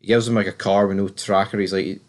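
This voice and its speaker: A British man with a fairly low voice talks through a TV episode in a loose, rambling recap. He's opinionated and sweary, jumping from scene to scene with plenty of "like" and asides. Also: fairly even intonation, fast talker. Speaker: TV series reviewer. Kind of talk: casual episode recap commentary.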